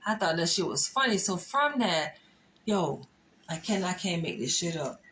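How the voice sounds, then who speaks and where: A woman's voice: lowish voice, sing-song, moderate pace, a bit bright, poor audio. A woman telling a story in a vlog, swearing often, laughing and stressing her words. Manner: profane, laughing, emphatic. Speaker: vlogger. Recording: faint background noise.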